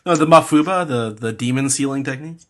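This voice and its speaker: A man with a mid-range voice drops quick jokes into the conversation, often laughing. Faint noise can be heard behind him. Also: mid-range voice, a bit bright. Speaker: podcast guest. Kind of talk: casual chat.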